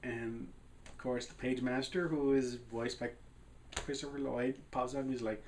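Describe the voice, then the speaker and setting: A man's voice: mid-range voice, fairly even intonation, moderate pace, a little mellow, a little hiss or hum. A man casually recapping a film's plot, rambling with restarts. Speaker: film reviewer.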